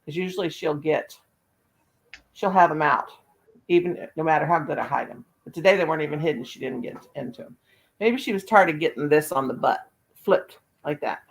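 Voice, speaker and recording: A woman's voice: sits low, fairly quick, poor audio. An older woman chatting casually as a host, laughing often and cooing baby talk to her dogs. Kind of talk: casual chat.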